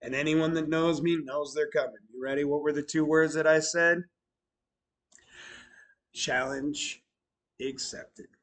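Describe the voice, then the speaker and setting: A middle-aged man casually telling stories about his new bar, animated, swearing now and then, swinging from loud bursts to low mutters. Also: fairly quick, few pauses, poor audio. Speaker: bar owner vlogger. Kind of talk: casual storytelling vlog.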